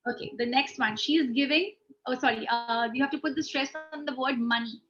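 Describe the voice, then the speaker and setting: A woman's voice: high-pitched, fairly quick, fairly bright tone, dull audio. A woman tutoring English in an online speaking lesson, patiently explaining step by step with frequent "okay"s. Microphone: video call.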